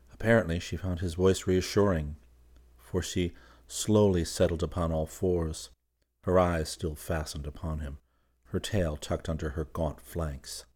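Low-pitched man, measured audiobook narration. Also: darkish tone.

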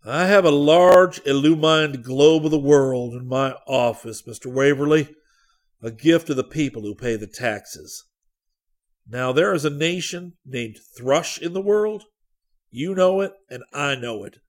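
A man's voice: fairly high pitch, expressive, unhurried, pitched above the performer's own voice. A man reading aloud, voicing a tall, pessimistic male statesman who speaks bluntly and emphatically. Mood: brooding.

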